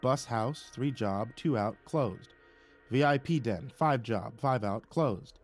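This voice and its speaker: A man reading a first-person story aloud in an expressive, dramatic way. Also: medium pitch, takes it slowly, faint music behind. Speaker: narrator.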